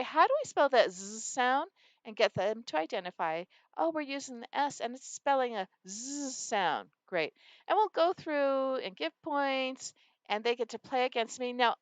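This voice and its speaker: Clear-voiced woman teacher explaining phonics. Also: fairly high pitch, no echo. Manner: animated, acts out student answers. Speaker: reading teacher. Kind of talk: explaining a classroom phonics game.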